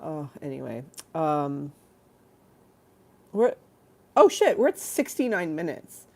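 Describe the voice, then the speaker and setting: A woman with a deep, low voice hosts a casual livestream chat. She sounds tired and yawns often. She rambles, mocks herself and laughs a lot while reading chat aloud. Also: very animated, slow pace, creaky, mellow. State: tired, yawning. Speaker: livestream talk show host.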